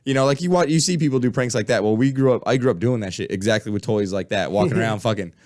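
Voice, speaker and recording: A man's voice: mid-range voice, fast talker, darkish tone, no echo, studio quality. A man chatting casually on a podcast, telling brash, profane stories. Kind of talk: casual chat.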